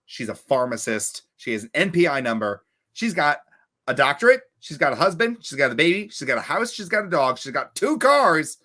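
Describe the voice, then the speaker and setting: A young man from Long Island, co-hosting a podcast and telling stories in a casual, animated way, acting out his friends' lines. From Long Island, New York. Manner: animated, acts out friends' voices with big jumps in pitch. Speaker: podcast co-host. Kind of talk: casual storytelling chat. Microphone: remote podcast call.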